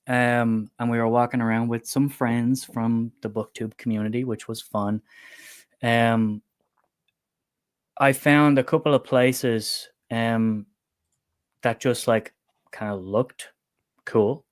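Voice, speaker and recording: This is an Irish man with a Dublin accent, chatting casually on a livestream. He tells stories in a lively way, laughs often and drops the odd swear word. His voice sits in an ordinary middle pitch. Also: slow, pauses often. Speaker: book channel co-host.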